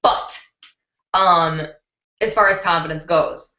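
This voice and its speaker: A woman's voice: on the low side, steady tone, takes it slowly, bright, forceful tone. Chatty young woman on a laptop mic. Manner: chatty and candid, laughs easily, many fillers. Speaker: beauty channel host. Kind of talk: casual live-stream chat answering viewer questions. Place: indoors at home. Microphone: built-in computer mic. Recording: dull, roomy laptop-mic recording.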